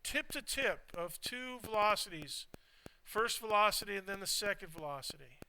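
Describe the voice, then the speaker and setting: A man's voice: high-pitched, lively intonation, moderate pace, pushed and bright, a little hiss or hum, poor audio. A man lecturing a physics class, walking students through a drawing step by step and quizzing them. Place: lecture hall.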